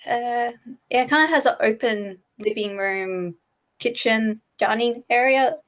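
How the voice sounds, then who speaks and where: A woman's voice: on the high side, unhurried, fairly bright tone. A woman playing a tabletop game who describes what her character does, stopping often on ums. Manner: hesitant, with many ums. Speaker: player.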